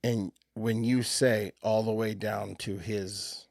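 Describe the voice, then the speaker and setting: A man co-hosting a podcast in casual chat, telling stories in a profane, animated way and laughing often. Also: on the low side, slow pace, gravelly, dry recording, clean studio sound. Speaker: podcast co-host.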